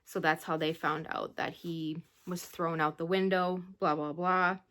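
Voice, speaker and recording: A woman vlogger casually chats about a book she read, retelling it in a rambling, emotional way punctuated by sighs. Her low-pitched voice is flat, unhurried, and fairly bright.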